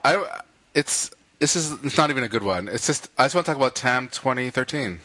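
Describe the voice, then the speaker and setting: A man's voice: medium pitch, fairly quick, dry recording. A man co-hosting a podcast, chatting casually and teasing his co-host with jokes. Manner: joking, teasing, animated. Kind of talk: casual chat.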